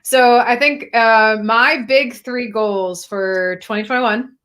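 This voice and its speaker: A woman's voice: on the high side, steady tone, slow, fairly bright tone. A woman chatting casually on a video call, encouraging and friendly as she asks questions and shares her goals. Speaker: interviewer.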